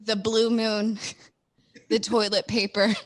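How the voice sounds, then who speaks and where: A woman's voice: mid-range voice, flat delivery, slow. A woman hosting a radio show, chatting casually with her guests and laughing along. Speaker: radio host. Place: radio studio.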